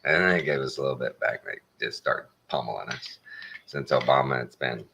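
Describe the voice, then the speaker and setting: A man's voice: a bass voice, normal speed, creaky, pauses often, a bit bright, slight background noise. A man with a Texan accent giving a folksy, plain-spoken opinion monologue with a wry edge. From Texas. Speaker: show host.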